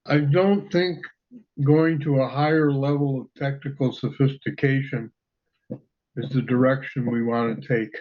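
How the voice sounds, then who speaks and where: Slow, deadpan man on a call. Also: mid-range voice. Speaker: participant in a Zoom class. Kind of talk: dry quips on a video call. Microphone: video call. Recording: dull video-call audio.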